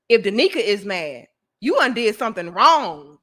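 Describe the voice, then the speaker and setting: A woman vlogger tells a story to her viewers in a casual, animated way, swearing freely. Her voice sits high and comes across bright and forceful, and she keeps speaking straight to the audience. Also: normal speed. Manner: animated, profane, addresses viewers directly.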